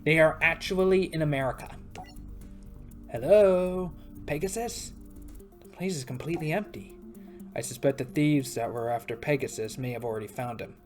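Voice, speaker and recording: A woman narrates a story game with chatty asides. Her voice is low for a woman. Faint music plays behind her. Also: fairly quick. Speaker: let's play narrator.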